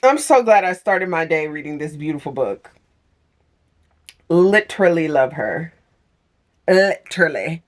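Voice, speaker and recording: A woman's voice: deep voice, lively intonation, unhurried, long pauses. A young woman chatting in a casual reading vlog, gushing and chatty with many fillers. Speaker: book vlogger.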